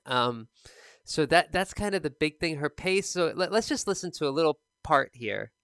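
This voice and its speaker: A man teaching TOEFL speaking on a live stream, explaining in a relaxed, conversational way. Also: on the high side, normal speed, clean tone, no echo, studio quality.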